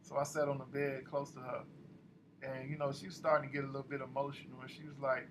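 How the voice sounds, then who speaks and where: A man's voice: mid-range voice, little pitch movement, fast talker, background noise. A man narrating a story in a loose, slangy, conversational way. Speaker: audiobook narrator.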